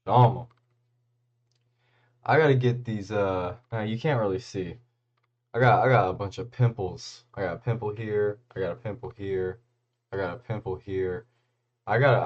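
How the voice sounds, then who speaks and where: A man livestreams in an unhurried, low, loose drawl. He swears casually and mutters asides to his viewers. His voice comes through a muffled, lo-fi mic. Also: a little mellow. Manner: laid-back, crude, mumbling asides to chat. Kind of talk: casual stream chat.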